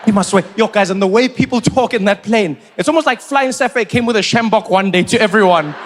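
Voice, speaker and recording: Guy doing standup, high voice, animated and incredulous. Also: a little fast, a little hiss or hum. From South Africa. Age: 40s. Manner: animated storytelling with incredulous questions. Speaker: stand-up comedian. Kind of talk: stand-up comedy routine.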